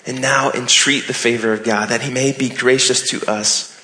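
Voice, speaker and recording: A man's voice: mid-range voice, fairly even intonation, normal speed, sharp tone. A man preaching a sermon as a pastor, earnest, with emphatic rising phrases. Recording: echoey hall with long reverb.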